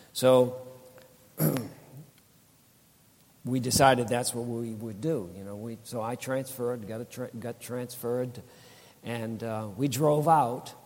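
A man's voice: mid-range voice, a little mellow, long reverb tail. A man in his sixties giving a rambling, folksy church testimony, with many restarts and laughs.

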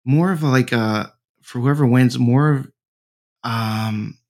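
A man's voice: mid-range voice, takes it slowly, a little mellow. A man co-hosting a podcast in casual chat over a remote call, rambling with lots of fillers. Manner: rambling, many "like" fillers and restarts, swears casually. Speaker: podcast co-host. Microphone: remote call over shaky wifi.

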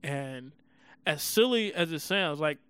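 A man's voice: fairly high pitch, expressive, unhurried, fairly bright tone, smooth, no echo. Man laughing through a casual chat. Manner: laughs often, playful storytelling. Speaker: podcast co-host.

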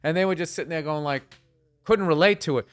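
A man's voice: fairly high pitch, fast talker. A man talking as a guest comedian in a casual interview, rambling and swearing often as he acts out voices from his stories.

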